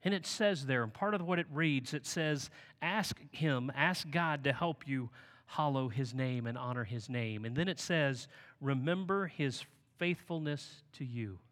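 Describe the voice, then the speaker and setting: A man preaching a sermon as pastor, telling stories with lively swings between soft and loud passages. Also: medium pitch, a little slow. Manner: animated storytelling with big swings in loudness. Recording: long hall reverb.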